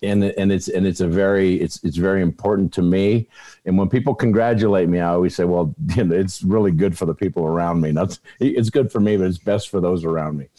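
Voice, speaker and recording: A man telling stories in a casual podcast chat, animated, swearing freely and restarting his sentences. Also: sits low, a little fast. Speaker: podcast regular. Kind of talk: casual group chat and storytelling.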